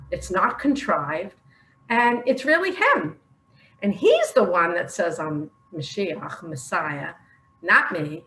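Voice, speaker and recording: A woman's voice: mid-range voice, a bit bright. An older woman speaking earnestly and emotionally in a personal video monologue, laughing often. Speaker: online religious speaker. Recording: echoey room.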